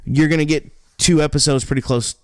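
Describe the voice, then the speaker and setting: High-voiced laughing male podcast host. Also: fairly quick, dry recording, studio quality. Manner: animated storytelling, laughs often. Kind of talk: casual chat.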